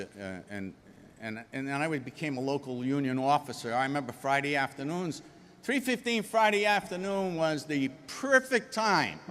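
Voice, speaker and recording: Rhode island guy giving a union convention speech, kinda high voice, big hall echo, folksy and punchy. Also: a bit bright, a little hiss or hum. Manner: folksy, emphatic, jokes with the audience. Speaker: union leader addressing a convention.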